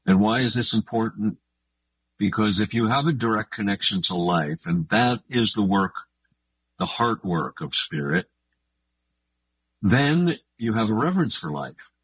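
A man being interviewed on the radio about his books, talking in an earnest, thoughtful and unhurried way. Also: fairly low pitch, lively intonation, a bit bright, slightly rough, no room sound, highs cut off. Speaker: guest author.

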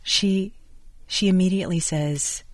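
An interviewer asking measured, deliberate questions. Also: medium pitch, fairly even intonation, no echo.

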